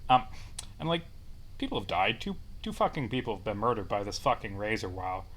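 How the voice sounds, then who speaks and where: A man's voice: lowish voice, very animated, fairly quick, a bit bright. A young man in a heated, profane vlog rant, repeating himself as his anger builds. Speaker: vlogger. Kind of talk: angry personal rant.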